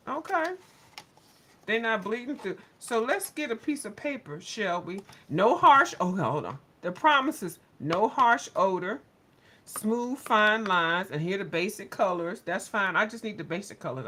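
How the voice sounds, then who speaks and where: A woman hosting a coloring channel, chatting casually and sassily, cussing with animated outbursts. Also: mid-range voice. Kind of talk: casual chat to viewers.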